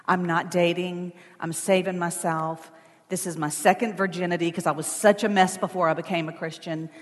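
A woman's voice: lowish voice, flat delivery, normal speed. A woman telling a personal story in a sermon in a chatty, emotional way, with asides to the congregation. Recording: long church hall reverb.

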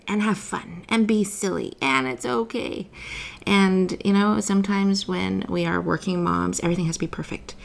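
A woman, a mother and former teacher, hosting a casual interview with lively talk, frequent laughs and restarts. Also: lowish voice, vocal fry. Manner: animated, laughs often, many restarts. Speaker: podcast host.

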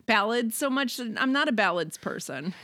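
A woman's voice: a little high, moderate pace, no echo, studio quality. A woman co-hosting a podcast in casual chat, talking loosely with many fillers. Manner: chatty, many likes and fillers, steady listener. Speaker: podcast co-host.

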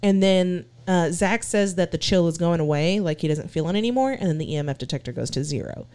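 Low-voiced texan gal cohosting a podcast, swears a lot, pitch bouncing all over. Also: female voice, expressive, brisk, dark tone. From Texas. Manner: loose and profane, recounting ghost clips. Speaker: podcast co-host. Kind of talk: casual chat.

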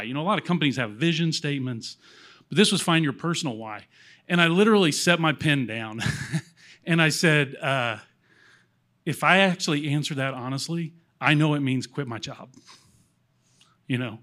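A man in his forties with a slightly high voice, telling his testimony into a handheld mic on a church platform. He rambles, pokes fun at himself, and gets choked up along the way. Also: fairly bright tone. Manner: rambling, self-deprecating, getting choked up. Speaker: church member sharing testimony. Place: church platform, in front of congregation.

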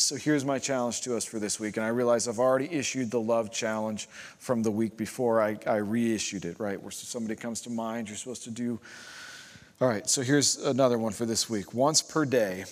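A man preaching a sermon as pastor, emphatic and repeating phrases for rhythm, building to loud climaxes. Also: lowish voice. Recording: long hall reverb.

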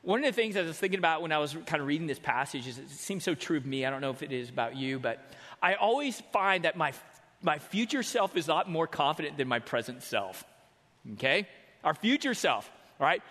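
Man, preacher, sermon, slightly high voice, casual storytelling, acts out voices, long hall reverb. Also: lively intonation, fairly quick, fairly bright tone. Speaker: pastor.

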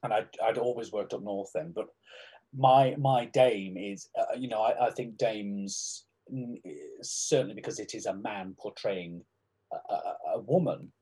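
A stage actor from Liverpool with a softened Liverpool accent, talking thoughtfully in an interview with halting restarts. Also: male voice, fairly low pitch, husky. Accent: softened Liverpool (Scouse). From Liverpool, England. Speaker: stage actor and panto dame. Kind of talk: conversational interview.

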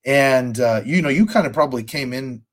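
Guy hosting an interview, keen fan energy, lots of likes and you knows, mid pitched voice. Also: normal speed. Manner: enthusiastic fan, many fillers. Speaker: podcast host. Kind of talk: casual interview chat.

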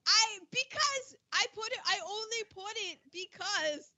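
A high, bright woman's voice that swoops up and down as she chats about a film. She tells the story in an animated, exclamatory way with slang. The recording sounds a bit dull and lo-fi. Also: unhurried. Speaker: podcast co-host. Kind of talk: casual film discussion.

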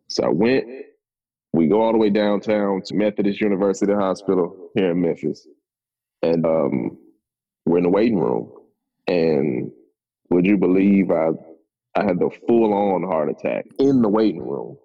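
A man's voice: deep voice, lively intonation, normal speed, vocal fry, lo-fi sound. A man, a podcast guest telling his story in a laid-back, conversational way. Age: 30s. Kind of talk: casual storytelling.

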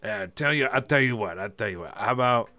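A tired security guard, put on by a man scolds in stops and starts and repeats himself, in a smooth, lowish voice. The sound is dry and close. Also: lively intonation, fast, pushed and bright, no echo. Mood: exasperated. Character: weary male security guard at a venue.

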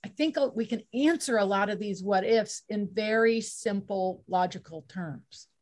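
A woman's voice: mid-range voice, measured pace, darkish tone. A woman hosting a webinar, talking thoughtfully in casual chat. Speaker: webinar host.

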